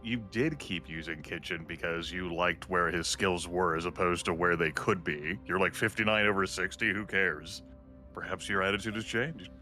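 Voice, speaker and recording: Lowish bright-voiced man with dry wit. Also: normal speed, soft background music. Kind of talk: casual gaming chat.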